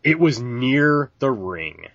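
A man co-hosting a podcast, making dry, sardonic remarks about a film in a husky voice. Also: mid-range voice, very animated, slow, fairly bright tone, dry recording, lo-fi sound. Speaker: podcast co-host. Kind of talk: casual film discussion.

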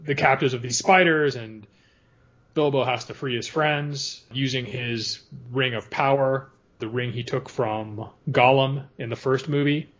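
A man talks through a film with a co-host, lively and quick to laugh. His voice sits at an ordinary pitch. The audio is a bit dull and lo-fi. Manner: animated, laughs often, quotes lines in funny voices. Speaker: podcast co-host. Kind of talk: casual film discussion.

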